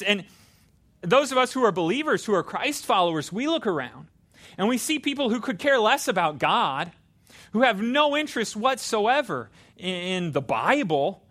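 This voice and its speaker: A man's voice: high-pitched, fairly bright tone. A man preaching a sermon, earnest and conversational, with frequent restarts. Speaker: pastor.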